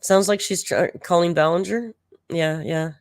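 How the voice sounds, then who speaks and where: An exasperated, sarcastic reaction commentator talking casually over old footage. The voice sits in a middle pitch, and the delivery is loose and conversational. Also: fairly even intonation, moderate pace, no echo, studio quality. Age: older than the clip's audience.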